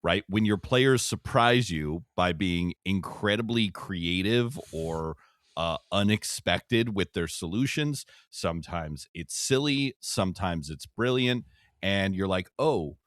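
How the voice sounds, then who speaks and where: A man co-hosting a podcast in casual chat, relaxed and wry with many fillers. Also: low voice, slow pace, no echo, studio quality. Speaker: podcast co-host.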